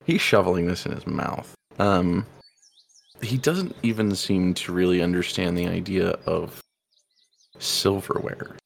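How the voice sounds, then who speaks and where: Low gravelly young man at the game table. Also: unhurried, a little hiss or hum. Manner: hesitant, laughing, many fillers. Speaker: tabletop player. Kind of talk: in-character tabletop play.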